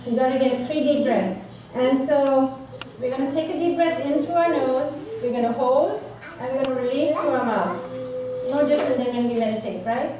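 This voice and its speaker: High woman leading exercises in an echoey hall. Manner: instructive, coaxing, repeats words. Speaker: workshop presenter. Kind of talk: live talk leading breathing exercises. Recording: echoey room from far off, noisy.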